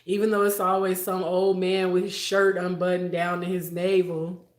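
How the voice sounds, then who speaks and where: Her delivery is flat, her pitch on the low side, and her speed normal. The young adult woman laughs often while chatting on a late-night live stream, recounting childhood memories and reading viewer comments in a room full of echo.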